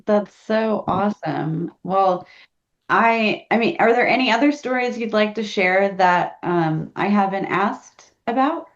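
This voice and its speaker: A woman interviewing a guest, asking measured questions and offering affirmations. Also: mid-range voice. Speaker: interviewer, editor. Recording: slightly dull lo-fi audio.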